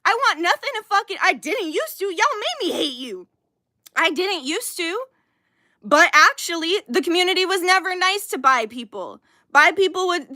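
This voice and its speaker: High, bright-voiced woman ranting heatedly. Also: lively intonation, normal speed, no room sound, clean studio sound. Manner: heated, yelling, profane ranting. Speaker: livestream card reader. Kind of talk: live-stream rant.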